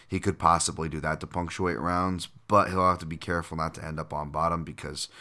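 A man with a rumbling low voice speaks fairly quickly in a steady, pushed, bright tone. He hosts a casual solo podcast as a fight analyst, thinking out loud with plenty of fillers and restarts. Every so often he lets out a chuckle.

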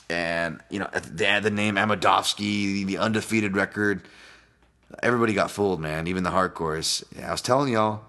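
A deep-voiced man talks casually into the mic, hosting his own podcast. He rambles from point to point, drops curses freely and chuckles at his own jokes. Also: a bit bright. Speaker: podcast host and fight analyst. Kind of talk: casual solo podcast breakdown.

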